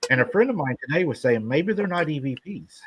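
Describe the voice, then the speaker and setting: A man's voice: on the high side, animated, a little fast, a little hiss or hum, poor audio. Laid-back man hosting a live show. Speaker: host. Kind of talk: casual chat.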